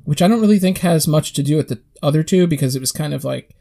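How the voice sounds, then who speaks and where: A man co-hosting a podcast, chatting casually and telling stories in a rambling, animated way with quick acted-out quotes. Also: on the high side, creaky. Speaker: podcast co-host. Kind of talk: casual chat.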